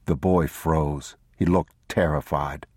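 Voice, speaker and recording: A man reading a novel aloud as narrator in a measured, unhurried, somber way. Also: very deep voice, steady tone, a little mellow, husky, no room sound, studio quality. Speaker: audiobook narrator. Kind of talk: scripted narration.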